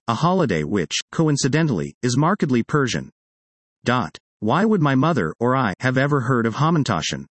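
A man's voice: medium pitch, dry recording. A man reading a magazine article aloud in a plain read-aloud delivery. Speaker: reader.

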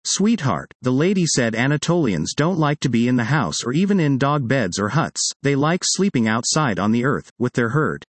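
A man voicing a calm, patient partner who reasons gently. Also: mid-range voice, moderate pace, hardly any pauses, husky, no echo. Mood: reassuring.

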